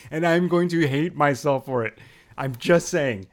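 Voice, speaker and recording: A man's voice: on the high side, moderate pace. A man co-hosting a casual sports chat, blunt and swearing, laughing often. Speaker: podcast co-host.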